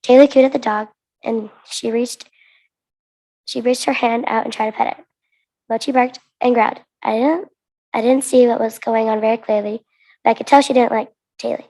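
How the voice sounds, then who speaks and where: A woman's voice: a little high, fairly even intonation, normal speed, dark tone. Young woman reading her story aloud. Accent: American. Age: teens. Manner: earnest reading with restarts. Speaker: student reader.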